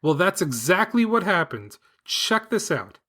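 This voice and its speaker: A man hosting a children's podcast with his daughter, reading a script in an upbeat, enthusiastic, clearly paced way. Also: high voice, big pitch swings, measured pace, sharp tone. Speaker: podcast host and father. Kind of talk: scripted podcast narration for kids.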